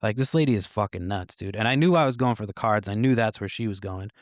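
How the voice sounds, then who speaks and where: Low-voiced laid-back podcast guy. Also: fast talker, no room sound, studio quality. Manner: profane, laid-back, with frequent fillers and chuckles. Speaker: podcast host. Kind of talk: casual rambling storytelling.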